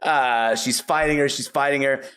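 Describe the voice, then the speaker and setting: Man excitedly retelling a film scene. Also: mid-range voice, normal speed, clear, resonant tone. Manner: animated storytelling with many "like" and "you know" fillers. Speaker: podcast guest. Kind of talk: casual movie recap.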